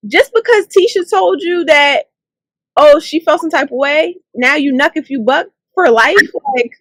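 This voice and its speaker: A woman co-hosting a casual chat that recaps a reality show, reacting in an animated, incredulous way. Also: high voice, a little slow, no room sound, rough recording. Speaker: co-host.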